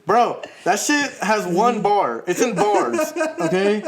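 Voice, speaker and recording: Animated laughing man telling a story. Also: high voice, takes it slowly, over a noisy crowd. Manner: animated storyteller, laughs often, swears casually. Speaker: podcast co-host. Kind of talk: casual storytelling chat.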